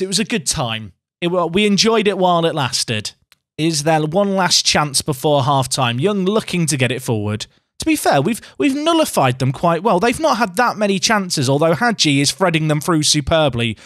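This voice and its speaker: Young guy narrating his football game, bouncy lively voice, dry close mic, kinda mocks himself. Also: on the high side, no echo. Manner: animated, self-mocking, talks to the game. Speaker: gaming YouTuber. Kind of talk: casual gameplay commentary.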